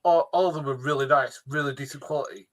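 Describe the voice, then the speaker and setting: A man's voice: on the high side, fairly even intonation, quick pace. A man in casual banter, speaking hesitantly and stumbling over his words.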